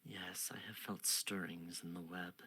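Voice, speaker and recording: Guy doing a sly fae queen, low whispery and slow, teasing. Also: animated, gravelly, heavily acted. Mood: cryptic. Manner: hushed, teasing, unhurried.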